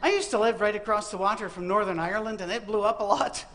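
A preacher with a West Virginian accent gives students a humorous sermon, telling stories that land on wry, dry punchlines. His voice is high-pitched and fairly bright, and he talks at a quick pace.

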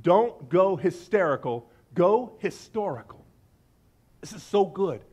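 A male pastor delivers a lively sermon in a high, bright voice. He jokes with his listeners and acts out the scripture he reads, shifting from playful teasing to earnest emphasis. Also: takes it slowly, husky. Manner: animated, joking with the congregation, reads scripture aloud with acted voices.

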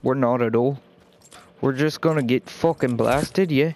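Over voice chat, a man gaming with strangers keeps up crude banter, cursing all the time and hamming up a fake British accent with plenty of "mate" and "wanker." He talks at a measured pace in a medium-pitched, slightly mellow voice.

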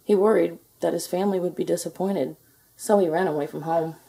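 A woman reading a children's picture book aloud, with lively, expressive delivery. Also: lowish voice, brisk, gravelly, husky. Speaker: storybook reader. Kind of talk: children's storybook read-aloud.

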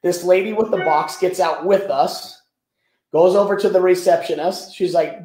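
A man's voice: high voice, fairly even intonation, moderate pace, a little mellow. A man who tells stories animatedly as a guest in a business interview, often repeating words as he talks. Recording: echoey room.

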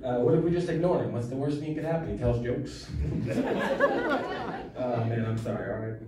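A man's voice: mid-range voice, fairly quick, a crowd in the background. A man in his thirties doing a stand-up comedy set, wry and self-deprecating with mumbled asides. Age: 30s. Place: comedy club stage. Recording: echoey club, recorded from far. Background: audience laughter.

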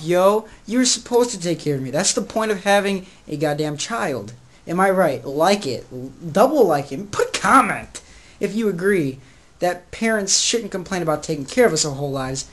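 A teenage boy ranting in a casual vlog. He is crude and jokey, gets sidetracked easily, and swings between loud outbursts and low mutters. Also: expressive, moderate pace. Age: teens. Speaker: vlogger.

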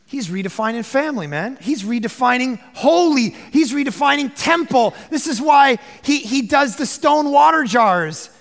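A man preaching a sermon as a pastor, animated, dropping to a hush and rising to shouts. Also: extremely high pitch, normal speed, creaky, hardly any pauses, big-room sound.

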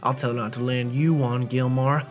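A man voicing a cocky young male rival in a video game, with a smug, low, drawled taunting manner.

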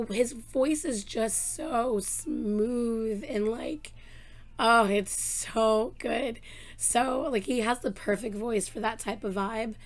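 A woman hosting a reaction vlog, chatting excitedly with a hoarse voice she is losing, talking into a desk microphone with many fillers. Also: a little high. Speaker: reaction channel host. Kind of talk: casual chat to camera.

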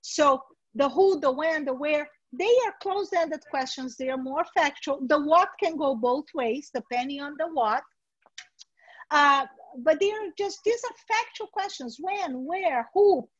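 A woman's voice: high voice, measured pace, no echo. A woman presenting a virtual workshop, speaking directly and coaching her listeners. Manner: direct, coaching tone, acts out sample interviews. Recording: dry, dull webinar audio.

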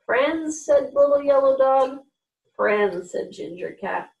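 A woman hosting a children's reading program, reading picture books aloud in a gentle, animated way and giving the characters voices. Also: high-pitched, slow pace, creaky. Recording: echoey room, a little far from mic.

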